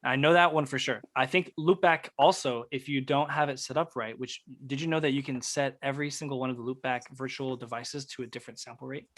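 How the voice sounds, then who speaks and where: Male instructor on a video call, easygoing and technical, mid-pitched voice, talking through audio settings. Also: a little fast, hardly any pauses. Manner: relaxed, technical explaining with fillers. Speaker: music production instructor. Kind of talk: casual online workshop teaching.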